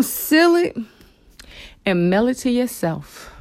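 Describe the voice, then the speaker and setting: Expressive woman giving animated faith talk. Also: medium pitch, a little slow. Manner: expressive, emotional, animated preaching with frequent asides; conversational, addresses listeners as girl and honey. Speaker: host of a faith talk show. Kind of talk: casual motivational Christian talk.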